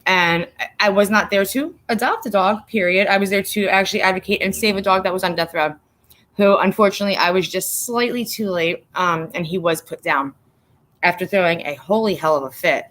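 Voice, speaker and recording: A woman hosting her own livestream in a loose, unscripted way, stopping to greet viewers by name between stories. She is blunt and profane, and her voice is bright and forceful. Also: mid-range voice, fairly quick. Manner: blunt, profane, talks straight to chat. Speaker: livestream host. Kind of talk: casual livestream chat.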